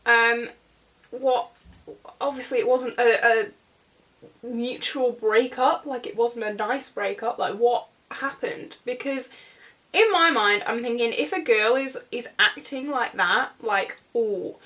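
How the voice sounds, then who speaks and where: A woman's voice: a little high, takes it slowly, a bit bright. A woman in her twenties telling a rambling storytime while she does her makeup at home, with plenty of fillers and asides. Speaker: vlogger. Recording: voice a bit distant from the mic.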